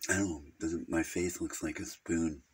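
A man's voice: low voice, steady tone, moderate pace, slightly rough. A man playing a rambling, gossipy male Jehovah's Witness who halts, hums and giggles at his own crude jokes in an improvised comedy monologue.

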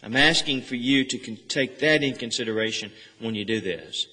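A man's voice: medium pitch, moderate pace, sharp tone. A man preaching an earnest sermon, explaining a scripture passage verse by verse and pressing home key phrases. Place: church sanctuary. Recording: church sanctuary with long reverb.

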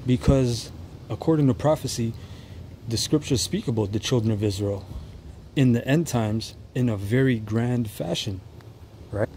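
A man with a dark, mellow voice gives commentary on a clip and reads Bible verses at a slow, deliberate pace. He stumbles and restarts as he explains. A faint hiss of noise sits under his voice. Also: medium pitch, poor audio. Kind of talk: reaction commentary with scripture reading.

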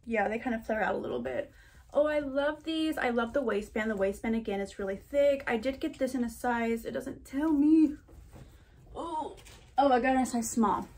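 A woman's voice: fairly high pitch, moderate pace, a little mellow. A young woman vlogger chatting casually to camera during a try-on haul, gushing and talking in a loose, chatty way. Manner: chatty and gushing, says freaking and oh my gosh a lot.

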